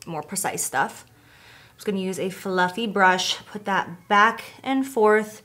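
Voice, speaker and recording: A young woman chatting casually through a makeup tutorial, gushing over products and sometimes dropping to a soft near-whisper. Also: medium pitch, takes it slowly. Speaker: beauty vlogger.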